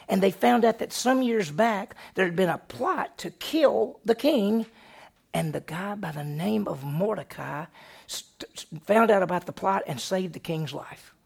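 Gravelly storyteller retelling a Bible story. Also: mid-range voice, measured pace. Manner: lively, conversational retelling. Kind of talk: telling a Bible story to a group.

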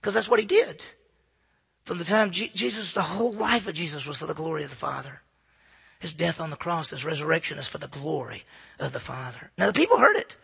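A man preaching a sermon at a church service, swinging from loud calls to hushed near-whispers. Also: fairly high pitch, expressive, brisk, vocal fry, breathy edge. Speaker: pastor.

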